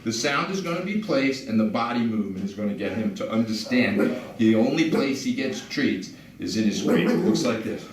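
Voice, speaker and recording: A calm man teaching dog training, his voice lively and rising and falling as he explains and gives short commands. He sounds set back from the mic in an echoey room, with steady background noise. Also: mid-range voice, moderate pace, recorded from a distance. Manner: calm, explains while giving commands to dogs. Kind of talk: instructional demonstration. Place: indoors at a house.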